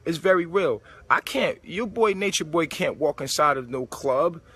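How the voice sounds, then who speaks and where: A man's voice: fairly high pitch, lively intonation, moderate pace, few pauses, bright, forceful tone, husky. A man giving a casual spiritual monologue, preachy and full of street slang. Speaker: spiritual vlogger. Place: old supermarket converted to a club.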